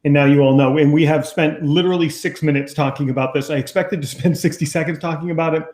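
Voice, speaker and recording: On this call the New Jersey coach talks fast in a high, darkish voice with fairly even intonation, speaking loudly in an echoey room. What starts as a casual group chat shifts into coaching. He jokes and rambles throughout, restarting often and tossing in noises like "boop".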